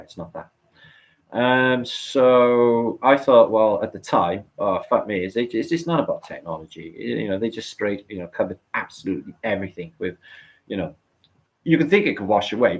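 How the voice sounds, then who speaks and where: A man's voice: fairly low pitch, low-quality recording. A middle-aged man hosting a live stream, chatting casually, rambling and swearing as he answers comments.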